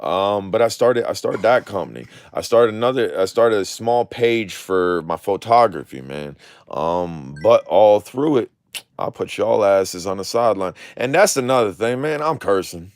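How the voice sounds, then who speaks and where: A drone video creator chats casually on a live stream, rambling, swearing freely, and using slangy street speech with clipped words. His voice is lowish with lively intonation at a normal speed, and there's no room sound.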